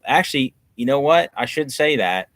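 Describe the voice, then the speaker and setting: A man's voice: mid-range voice, animated, moderate pace, fairly bright tone, no room sound. A man co-hosting a casual livestream chat, talking in an easygoing, teasing drawl. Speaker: co-host.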